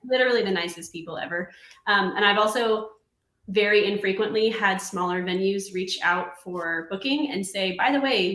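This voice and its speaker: A woman chatting casually as a musician guest, talkative and quick to laugh. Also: medium pitch. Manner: giggly and chatty, with lively laughs. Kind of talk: casual chat. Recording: roomy echo.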